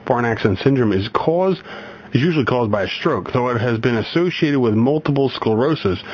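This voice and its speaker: A man's voice: mid-range voice, lively intonation, fairly quick, slightly rough. A man hosting a radio show, chatting casually and reading a news story aloud with many restarts and chuckles. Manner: rambling, self-correcting, chuckles often. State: getting over a migraine. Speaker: radio host. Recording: slightly dull radio recording, faint background noise.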